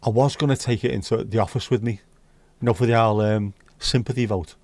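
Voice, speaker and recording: A man's voice: fairly low pitch, steady tone, brisk, darkish tone, no room sound. A man from the United Kingdom hosting a casual livestream chat, talking bluntly and swearing freely. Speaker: livestream host.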